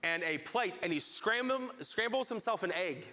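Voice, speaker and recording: A man preaching a sermon as pastor, telling a story with lively acted-out crowd voices. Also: high voice, normal speed, in a large hall.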